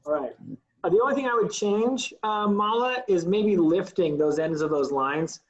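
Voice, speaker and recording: A man's voice: sits high, normal speed, dull audio. A man teaching an acting class, coaching students and demonstrating lines aloud. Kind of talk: online acting class instruction.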